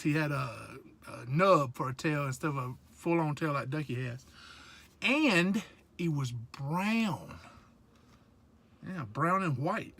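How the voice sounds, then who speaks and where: A man's voice: on the high side, pushed and bright. A man from South Georgia with a Southern accent, chatting casually and joking around in a rambling vlog from his truck. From South Georgia / North Florida, USA. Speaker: truck driver vlogger. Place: truck cab.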